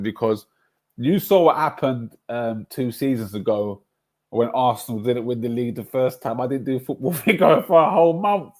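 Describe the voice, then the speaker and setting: A man's voice: mid-range voice, a little mellow. A man hosting a casual football livestream, chatty and rambling, often laughing at his own stories. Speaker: livestream host.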